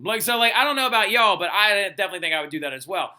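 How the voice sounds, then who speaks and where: Guy teaching history, super chatty, keeps saying "right?", fairly high bright voice. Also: racing. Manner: chatty, animated, lots of "like" and "right?", acts out quotes. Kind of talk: casual recorded history lesson.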